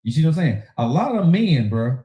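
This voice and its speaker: A man's voice: a little high, big pitch swings, a little fast, mellow, roomy sound, poor audio. A man hosting a casual relationship talk show, preaching in an emphatic, slangy way. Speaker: podcast host.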